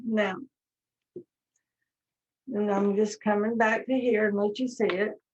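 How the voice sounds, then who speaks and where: A woman teaching a live painting class, talking gently step by step as she works. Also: medium pitch, little pitch movement, a little hiss or hum. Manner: slow, gentle step-by-step instruction. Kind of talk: live online painting lesson. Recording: dull lo-fi stream audio.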